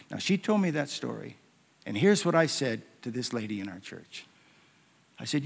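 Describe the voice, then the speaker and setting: A man preaching a sermon, telling stories that swing from hushed near-whispers to loud, emphatic declarations. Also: medium pitch, sing-song, moderate pace, gravelly, breathy edge. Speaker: pastor. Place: church hall. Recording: long hall reverb.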